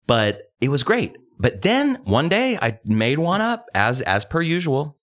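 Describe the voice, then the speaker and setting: Lively-pitched man hosting a podcast. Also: measured pace. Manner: telling a comic story with deadpan jokes. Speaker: podcast host. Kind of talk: casual chat. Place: podcast studio.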